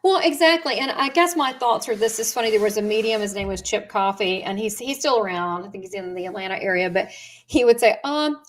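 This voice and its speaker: A woman in casual conversation, talking warmly about spiritual practice and stories, often restarting her sentences with fillers. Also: mid-range voice, fairly quick. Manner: chatty storyteller with frequent fillers and restarts.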